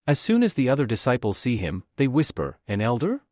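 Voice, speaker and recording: Man narrating with lively pitch. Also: a little fast, dry recording, clean studio sound. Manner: dramatic storytelling. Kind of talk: comic recap narration.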